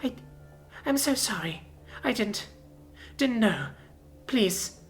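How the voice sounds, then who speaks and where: A man voicing a pleading, tearful young woman in a storybook reading, raising his voice high. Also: very animated, normal speed, faint music behind. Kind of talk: storybook narration.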